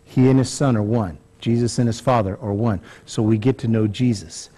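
A pastor with a mellow, lowish voice preaches at a normal pace, keeping his church sermon conversational. He uses lots of fillers and repeated words, and raises his voice to act out small scenes.

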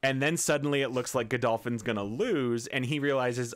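A man's voice: medium pitch, fairly quick, few pauses. A man casually recapping a film's plot for his co-hosts, rambling and laughing as he goes. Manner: rambling, laughs while retelling scenes. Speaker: podcast co-host recapping a film. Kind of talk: casual chat.

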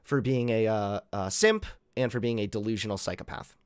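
A man's voice: lowish voice, fairly quick, smooth, no room sound, clean studio sound. A man hosting a commentary video, reacting to a clip in an exasperated, sarcastic rant. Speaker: commentary channel host.

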